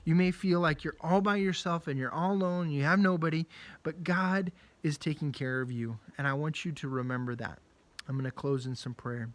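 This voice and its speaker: Upbeat male children's pastor, casual and jokey, slightly raised pitch. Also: moderate pace. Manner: lively, casual storytelling with jokes. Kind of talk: children's Bible message.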